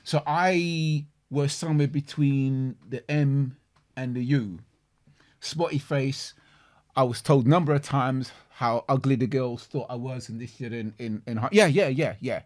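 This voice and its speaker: A man's voice: medium pitch, a little slow. A man co-hosting a casual podcast chat, telling stories animatedly and often repeating words. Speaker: podcast co-host.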